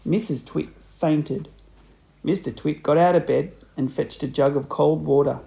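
A man reading a children's book aloud, with expressive, animated storybook narration. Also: fairly high pitch, a little slow, vocal fry, poor audio. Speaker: audiobook reader.

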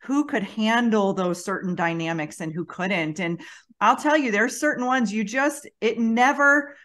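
A woman's voice: mid-range voice, unhurried, a bit bright. A woman hosts an interview podcast in a mid-range voice. She speaks reflectively and conversationally, circling back and restarting her sentences as she thinks aloud. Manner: reflective, many restarts and "you know". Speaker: podcast host.

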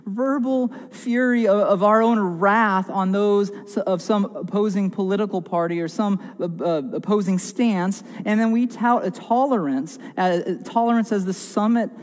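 A man's voice: high voice, normal speed, hardly any pauses, big-room sound. A man preaching a sermon as pastor, earnest and emphatic, with repeated phrases and small restarts. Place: church sanctuary.

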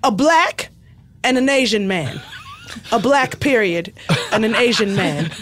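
A woman playing a brash, self-assured entrepreneur who makes grandiose sales pitches in an improvised comedy podcast scene. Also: expressive, measured pace, background noise. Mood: pitching.

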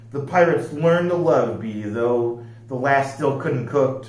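A man reading picture books aloud as library storyteller, with a slow, lively rhyming delivery. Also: medium pitch. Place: library room. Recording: echoey room, distant mic.

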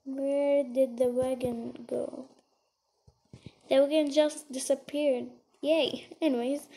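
A woman giving giggly, excitable casual gameplay commentary, often muttering softly to herself as she searches. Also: high-pitched, gravelly, breathy edge, rough recording. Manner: excitable, gushing. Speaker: gaming channel host.

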